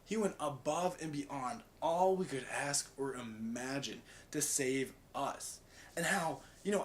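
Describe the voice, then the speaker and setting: A young man with a somewhat high voice talks in a loose, rambling way, often checking in with "right?". He speaks as a student giving a casual devotional, drifting from an everyday story into reflection on faith. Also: a little hiss or hum.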